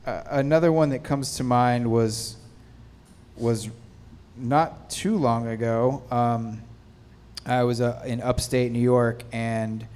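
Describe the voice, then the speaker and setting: A man's voice: medium pitch, steady tone, takes it slowly, darkish tone, smooth. A man on a film panel, telling a rambling casual story about stepping in as an actor. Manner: rambling, many fillers and restarts.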